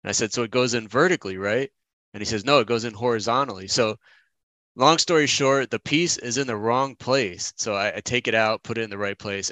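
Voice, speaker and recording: A man's voice: on the low side, fairly bright tone, no room sound. A man co-hosting a podcast, telling a rambling, self-deprecating story about his kids in a casual chat. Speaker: podcast co-host.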